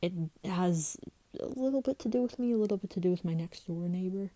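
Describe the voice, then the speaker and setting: Woman vlogger, heated rambling story, low voice, very mellow dark tone. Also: brisk, dry recording, rough recording. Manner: rambling and heated, swearing, with restarts. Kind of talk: casual storytelling vlog.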